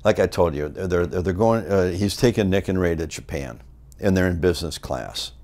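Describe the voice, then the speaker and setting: An older American man, a former wrestler, telling stories in a shoot interview and acting out the people in them. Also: moderate pace. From United States. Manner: animated storyteller, acts out the people in his stories in loud high voices.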